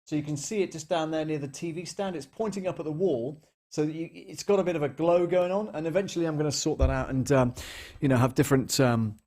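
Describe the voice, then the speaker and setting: A man's voice: fairly high pitch, fast, a little mellow. A man hosting a casual live stream from a bare apartment lounge, chatty and rambling, greeting viewers by name with lots of ums. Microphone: large studio microphone, moved around at times.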